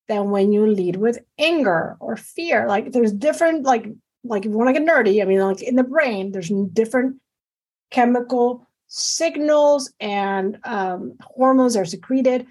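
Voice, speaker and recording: Woman, middle-aged, physician guest, husky voice, slightly high, emphatic with lots of fillers. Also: measured pace. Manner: animated, emphatic, many fillers. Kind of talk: casual interview conversation.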